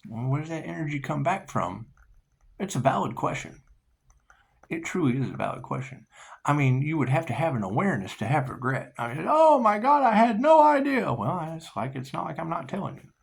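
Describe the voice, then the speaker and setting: A middle-aged man hosting his own spiritual channel, talking in a wandering, sarcastic monologue that repeats phrases and breaks into sudden loud bursts. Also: mid-range voice, expressive, fairly quick, creaky.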